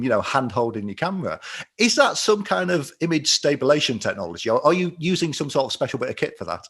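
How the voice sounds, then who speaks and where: A man hosting an interview, asking thoughtful questions in a relaxed conversational way. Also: medium pitch, slightly rough. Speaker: interview host. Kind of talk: casual interview chat.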